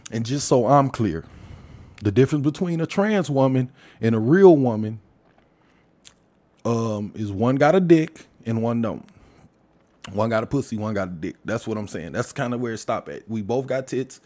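A man giving a profane, heated casual rant, swinging from loud outbursts to low muttering. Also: expressive, moderate pace. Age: adult father. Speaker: commentator.

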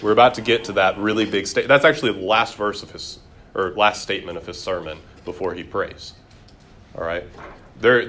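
A man's voice: lowish voice, fairly bright tone, a little hiss or hum. A man leading a Bible class in a room, putting questions to the group and reading scripture aloud. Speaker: Bible study teacher. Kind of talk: interactive Bible class teaching.

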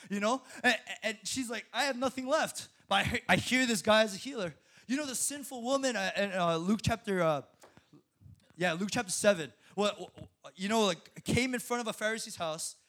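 A young man preaching a sermon in an animated way, laughing often and repeating words when excited. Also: high voice.

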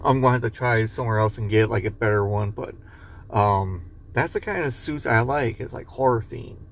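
A podcast host chats casually, rambling loosely, swearing, reading a joke aloud and laughing at his own jokes. His voice is fairly low at a normal speed, with slight background noise.

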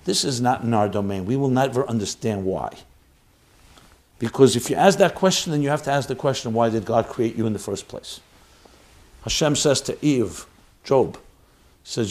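A man's voice: medium pitch, expressive, normal speed, pauses often, a little mellow. A man giving an earnest, emphatic Torah talk as a rabbi, full of rhetorical questions.

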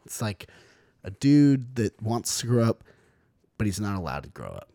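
A man's voice: on the low side, very animated, normal speed, gravelly, dark tone, no echo, clean studio sound. A young man co-hosting a podcast, chatting casually and animatedly, full of "like" and "dude", acting out quotes. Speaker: podcast co-host. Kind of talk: casual chat about a horror film.

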